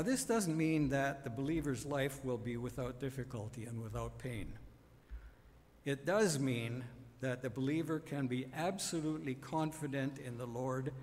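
Slow, emphatic preacher in a reverberant hall. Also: male voice, medium pitch, darkish tone. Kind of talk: sermon on a psalm.

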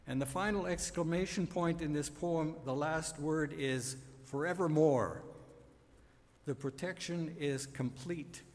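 A man's voice: on the high side, measured pace, a little mellow, in a large hall. A man preaching a sermon on a psalm, emphatic and building to repeated refrains.

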